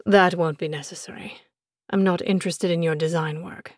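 A woman's voice: fairly even intonation, normal speed, no echo, studio quality, natural voice. Woman voicing a smug British businessman. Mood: stern. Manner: low, quiet, pompous and stern. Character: arrogant smirking British businessman, stern and self-assured. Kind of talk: audiobook character voice.

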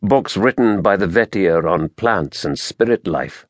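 A man narrating a fantasy audiobook in a measured, dramatic storytelling manner, recorded close to the mic. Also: deep voice, animated, no room sound.

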